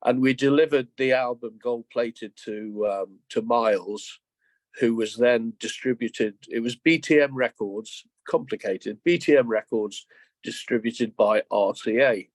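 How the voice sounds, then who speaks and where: A man's voice: mid-range voice, measured pace, no room sound. A man in his seventies, a guest musician telling rambling anecdotes in a casual interview, often restarting his sentences. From England. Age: 70s.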